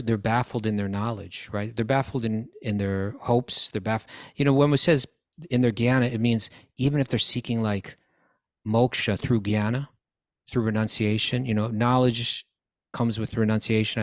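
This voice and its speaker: A man's voice: mid-range voice, no echo, studio quality. A man teaching scripture in a question-and-answer talk, quoting Sanskrit verses, translating them and often restarting his phrases.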